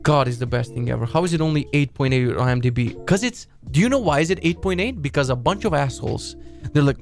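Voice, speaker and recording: A young man hosting a web development live stream, ranting in a casual, excitable, profane and rambling way. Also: medium pitch, fast, faint music behind.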